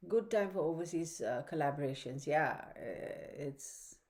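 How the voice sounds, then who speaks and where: In an unhurried, expressive low voice with a darkish tone, a woman talks through her weekly astrology forecast at home, her dog in the room. It's casual and rambling, heavy on fillers and side comments, picked up by a computer microphone.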